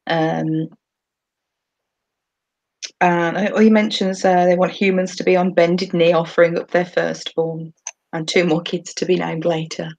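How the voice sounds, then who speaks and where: A woman's voice: fairly low pitch, little pitch movement, unhurried, gravelly, long pauses, darkish tone. A woman co-hosting a podcast, chatting casually about a TV episode and laughing often as she talks. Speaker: podcast co-host.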